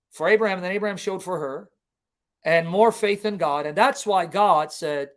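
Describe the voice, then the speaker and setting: A man's voice: high voice, normal speed. A man preaching in a livestream Bible teaching, impassioned and emphatic, firing rhetorical questions at his listeners. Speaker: Christian preacher and apologist.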